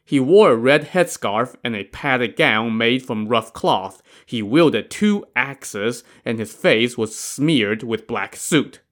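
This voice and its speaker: A man's voice: medium pitch, lively intonation, takes it slowly, few pauses, fairly bright tone. Guy narrating an old tale, chatty and wry, tosses in side comments. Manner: conversational, wry asides. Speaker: podcast narrator. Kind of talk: casual storytelling narration.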